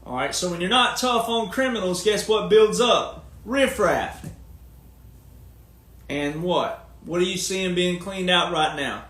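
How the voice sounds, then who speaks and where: This commentator and speaker has a high, slightly bright voice and takes his time, recorded in a room with echo. His long, informal monologue is folksy and emphatic, packed with rhetorical questions.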